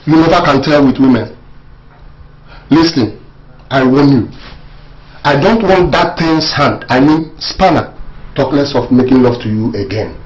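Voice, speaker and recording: A man voicing a possessive, scheming lover in a film drama, laying down orders. He sounds domineering and sure of himself, at an everyday pitch for a man. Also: a little slow, long pauses, dull audio, natural voice. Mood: jealous. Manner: domineering, commanding. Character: jealous scheming male lover. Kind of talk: Nollywood film acting.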